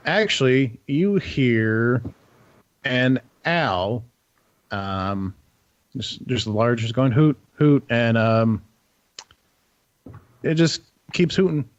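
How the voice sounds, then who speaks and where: Rambling young game master, lo-fi. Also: male voice, medium pitch, dry recording. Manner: relaxed, rambling, many fillers and restarts. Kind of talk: narrating a tabletop game. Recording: dull dry lo-fi audio.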